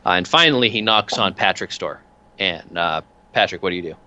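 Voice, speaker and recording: A man's voice: deep voice, fairly quick, bright, forceful tone. A man narrating a tabletop game as game master, in a loose, rambling way full of fillers, on lo-fi call audio.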